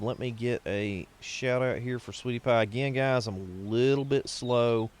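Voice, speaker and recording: A man's voice: fairly low pitch, normal speed, a little mellow. A man, streaming a game live and chatting to his viewers in a folksy, rambling way, a bit foggy after being ill. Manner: folksy, rambling, sings snatches and laughs at own jokes.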